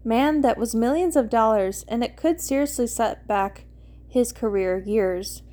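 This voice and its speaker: A woman's voice: fairly high pitch, a little slow, warm tone, natural voice. A woman voicing a nervous, defensive young man who rants anxiously in a story she reads aloud.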